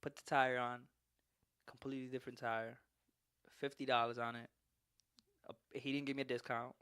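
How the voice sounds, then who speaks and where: A man's voice: medium pitch, moderate pace, clean tone, no echo, clean studio sound. A man hosting a podcast, telling a long story in casual, profane chat and laughing as he goes. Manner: animated, profane, laughs through his story. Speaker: podcast host.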